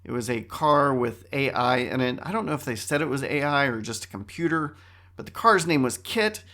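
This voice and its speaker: A middle-aged man hosting a casual solo podcast, talking in an animated, wry way that often interrupts itself. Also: medium pitch, moderate pace. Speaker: podcast host.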